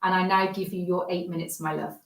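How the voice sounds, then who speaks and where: A woman's voice: on the low side, little pitch movement, a little fast. Effusive woman host, roomy and distant. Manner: effusive, warm praise. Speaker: livestream host. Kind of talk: enthusiastic introduction. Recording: roomy sound, away from the mic.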